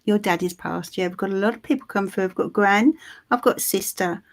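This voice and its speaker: A woman gives a live psychic reading, her voice sitting at a plain middle pitch. She soothes and reassures, calling the listener her love. She pauses often, trailing off into ums and starting phrases over. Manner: halting, with many ums and restarts. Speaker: tarot reader.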